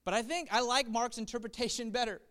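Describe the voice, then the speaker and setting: A man preaching a sermon as pastor, impassioned, swinging between soft reflective passages and loud urging. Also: very high-pitched, fast talker, smooth.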